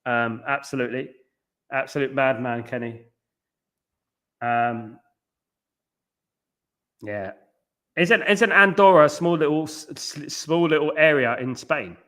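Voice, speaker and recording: A man's voice: mid-range voice, takes it slowly, pauses often, pushed and bright. A man hosting a live football watchalong late at night from home, reading viewer comments aloud and answering them in a rambling, blunt and scornful way about the match. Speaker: watchalong host.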